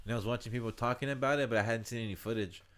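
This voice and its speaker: Man, podcast co-host, casual chat, halting delivery, mid-pitched voice. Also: crowd noise. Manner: halting, full of fillers and restarts.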